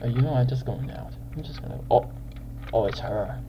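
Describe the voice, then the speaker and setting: A young man giving casual gameplay commentary as a channel host, excitable and quick to yell in frustration at other players. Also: medium pitch, slight background noise.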